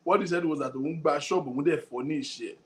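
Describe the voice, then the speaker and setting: A Nigerian man hosts and comments, reasoning aloud in a measured way as he reads viewer comments. His voice sits a little higher than most men's. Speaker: host.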